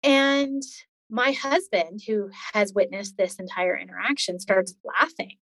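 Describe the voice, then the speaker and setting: A woman's voice: mid-range voice, measured pace, fairly bright tone, no room sound. A woman in her forties telling her own story in an interview, earnest and detailed. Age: 40s. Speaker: podcast guest.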